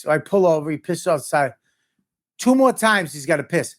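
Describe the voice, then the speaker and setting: A man's voice: fairly high pitch, lively intonation, normal speed. Blunt, profane man telling a story. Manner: blunt, profane, acts out shouted lines. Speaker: comedian. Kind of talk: casual storytelling.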